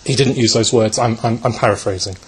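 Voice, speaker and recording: A man giving a reflective spiritual talk, telling a story gently and unhurriedly, with many fillers and a habit of asking "yeah?", and shifting his pitch to voice the people in it. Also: steady tone, a little fast, slight background noise.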